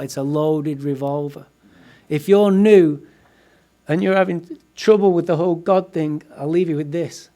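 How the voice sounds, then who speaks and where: A man's voice: a little high, mellow. A man giving a comic, profane personal story to a live recovery-meeting audience. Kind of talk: humorous personal storytelling talk.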